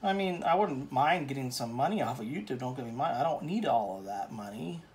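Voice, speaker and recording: A man's voice: medium pitch, expressive, a little fast, darkish tone, a little hiss or hum. Rambling, joking male painting teacher. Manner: rambling, joking and self-deprecating. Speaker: painting instructor. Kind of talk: casual painting tutorial talk.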